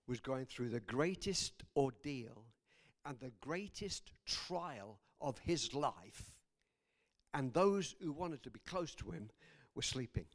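A male preacher with a high, lively voice that leaps up and down as he preaches. He laughs between lines and swings from loud exclamations to hushed, quiet passages. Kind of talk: sermon.

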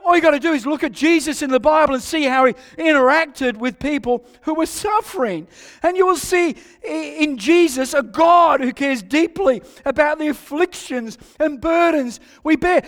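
A man with an Australian accent preaching a sermon as a pastor, emphatic, repeating key phrases and moving between loud and hushed delivery. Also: very high-pitched, in a large hall.

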